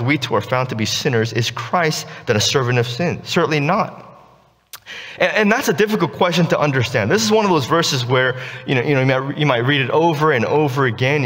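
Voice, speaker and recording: A male pastor giving a relaxed, conversational sermon, often checking in with "right?". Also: a little high, in a large hall. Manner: casual, keeps asking "right?". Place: church sanctuary.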